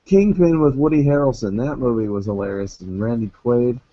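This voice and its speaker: A man co-hosting a casual movie talk show, relaxed and laughing as he recalls scenes. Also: medium pitch, a little fast, no echo, highs cut off. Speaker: podcast co-host.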